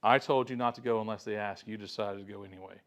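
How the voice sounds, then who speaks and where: God as a stern, commanding figure, voiced by a man during a Bible lesson, speaking low and hushed. He is firm and deliberate, as though correcting someone who has not listened. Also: steady tone. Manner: quiet, low, firm reprimand.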